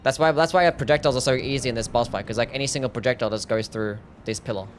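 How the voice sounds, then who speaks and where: A man's voice: medium pitch, rapid-fire, slight background noise. A man streaming live gameplay, ranting and swearing as he plays. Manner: frustrated, ranting, swears often.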